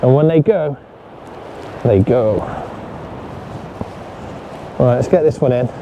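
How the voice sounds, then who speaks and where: A man casually chatting to his viewers while fishing on a sandy shore, talking straight to the camera and getting excited when a fish bites. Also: mid-range voice, slow pace, muffled recording. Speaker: fishing vlogger. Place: outdoors on a sandy shore at low tide. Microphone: camera set up on the beach. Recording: outdoor recording with loud surf noise. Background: waves and surf.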